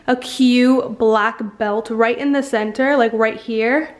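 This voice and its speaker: A woman with a fairly high voice talks through a try-on clothing haul in an eager, casual way, sprinkling in "like" as she goes. Her voice bounces around a roomy space. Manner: chatty, enthusiastic, lots of "like". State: slightly out of breath. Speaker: fashion vlogger. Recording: echoey room.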